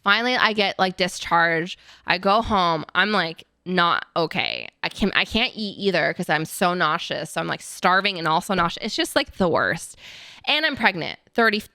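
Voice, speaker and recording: A young woman hosting a podcast, telling a story in casual chat, animated and profane, with lots of "like" fillers. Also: on the low side, normal speed, dry recording. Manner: animated, acts out quotes in the story. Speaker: podcast host. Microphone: podcast mic.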